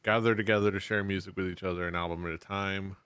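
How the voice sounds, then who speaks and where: A man hosting a music podcast with friends, relaxed and jokey. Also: low-pitched, fast, clear, resonant tone, no room sound. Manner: relaxed, jokey, hesitant fillers. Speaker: podcast host. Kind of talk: casual chat.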